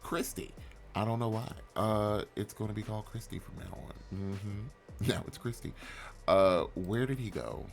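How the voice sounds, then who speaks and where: A man's voice: fairly low pitch, moderate pace, gravelly, faint music behind. A man casually commentating his life-sim gameplay, rambling and joking with many fillers. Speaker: let's play host.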